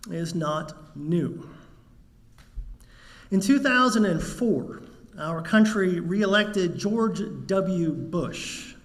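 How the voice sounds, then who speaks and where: Minister guy preaching, takes his time, fairly high voice, dry little jokes. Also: fairly bright tone. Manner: slow, measured preaching with wry humor. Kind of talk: sermon.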